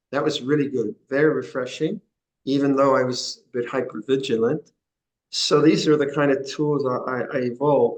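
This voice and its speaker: An older man with a somewhat high voice answers a question as a Buddhist monk teacher in a Dhamma session. He talks frankly and casually, chuckling at times and repeating key phrases. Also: low-quality recording.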